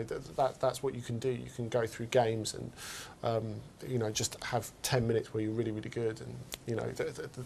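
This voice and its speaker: Man, football pundit, mid-pitched, hesitant, repeats words, faint low rumble behind. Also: creaky, darkish tone. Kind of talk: casual studio discussion.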